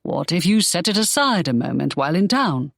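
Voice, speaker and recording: A woman's voice: lowish voice, big pitch swings, fairly quick, vocal fry, no echo, studio quality, heavily acted. A woman reading an audiobook, voicing a brusque, scolding young man. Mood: stern. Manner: curt and scolding. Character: stern, brusque young man, a secretive pirate. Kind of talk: audiobook character voice.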